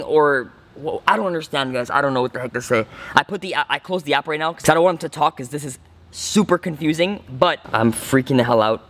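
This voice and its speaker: A young man hosting a vlog, talking to his viewers in a casual, excitable and alarmed way. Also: a little high. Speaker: YouTuber host.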